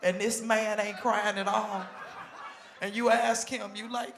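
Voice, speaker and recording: A woman doing a stand-up comedy routine on a talk show stage, telling stories in animated style and acting out the people she quotes. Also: mid-range voice, measured pace, roomy sound, crowd noise. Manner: animated storytelling with exaggerated quoted voices.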